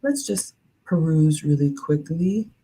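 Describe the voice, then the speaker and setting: Woman, 40s, low voice; easygoing livestream host who chats and reads comments aloud. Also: lively intonation, slow, mellow, slightly rough. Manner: chatty, reads viewer comments aloud, laughs at herself. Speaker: livestream host reviewing a restaurant. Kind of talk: casual livestream chat.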